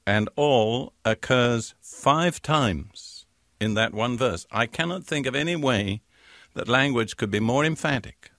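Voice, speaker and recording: An older man preaching a Bible teaching, his voice at a middle pitch. He reads scripture slowly and stresses each key word. The sound is dry and close, with no room echo. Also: a bit bright. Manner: measured, emphatic reading of scripture verses. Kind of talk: sermon.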